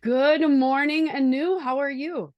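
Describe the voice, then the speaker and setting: A woman's voice: high-pitched, steady tone, slow pace, highs cut off, noisy background. A woman with a Wisconsin accent hosting a podcast, chatty and enthusiastic as she talks tips and interviews a guest. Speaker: podcast host.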